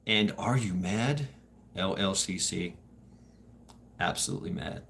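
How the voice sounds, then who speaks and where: A man's voice: mid-range voice, lively intonation, normal speed, vocal fry, pauses often, a bit bright. A man hosting a casual live stream, chatting with viewers in a rambling, profane way, laughing often and restarting his sentences. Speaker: streamer host.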